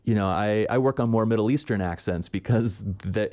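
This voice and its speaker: A man, a voice actor guest, talking casually on a podcast in a relaxed, thoughtful way. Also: on the low side, normal speed.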